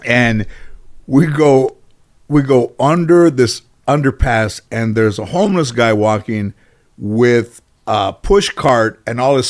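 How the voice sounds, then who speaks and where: A man sits as an interview guest and tells long, winding stories. He talks in a loose, casual way, full of restarts and "you know" fillers. He acts out other people's lines as he goes. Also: medium pitch. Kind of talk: casual anecdotal storytelling.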